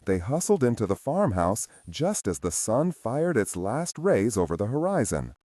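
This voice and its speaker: A man narrating a spy thriller audiobook in a measured storytelling manner. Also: medium pitch, big pitch swings, warm tone, no room sound, studio quality. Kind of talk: scripted narration.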